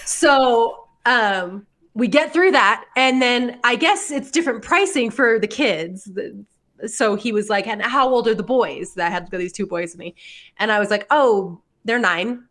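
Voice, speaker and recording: A woman in her forties co-hosting a podcast, telling stories in a lively, animated way and laughing often. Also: on the high side, unhurried. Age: 40s. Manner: animated storyteller, acts out voices and laughs often. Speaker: podcast co-host. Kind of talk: casual chat.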